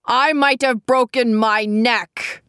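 A jittery innkeeper caught out, stammering and wailing in a raised, strained voice, as a woman reads him. He sounds flustered and quick to protest. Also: on the high side, fairly even intonation, a bit bright, smooth, no room sound, studio quality, voice pushed up. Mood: indignant. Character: nervous, stammering male innkeeper.

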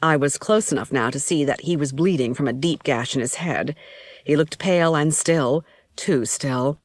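A woman narrating an audiobook in the first person with an even storytelling delivery, on a close mic. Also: low-pitched, moderate pace, dry recording.

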